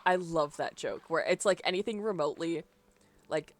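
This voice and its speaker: Her voice is lowish and her speed normal as this young adult woman streams a game live. She rambles through casual chat and keeps laughing along the way.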